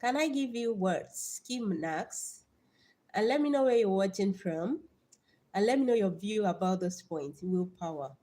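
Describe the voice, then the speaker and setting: A young Nigerian woman with a Nigerian accent, hosting a live stream motivational talk with Bible verses, lively and repeating words as she greets viewers by name. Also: mid-range voice, measured pace. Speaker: livestream host.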